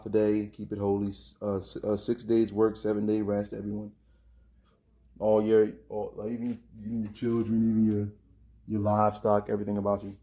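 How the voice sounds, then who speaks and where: A man's voice: fairly low pitch, warm tone. A man hosting a casual spiritual monologue, talking in a slangy, conversational street style. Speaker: host.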